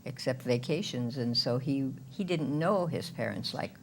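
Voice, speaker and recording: Very deep-voiced woman, explaining. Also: animated, moderate pace, slight background noise. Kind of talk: conversational interview.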